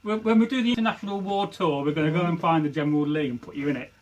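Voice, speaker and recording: A man's voice: fairly high pitch, very fast. A man hosting a casual livestream, reading viewer comments aloud and laughing often. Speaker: host.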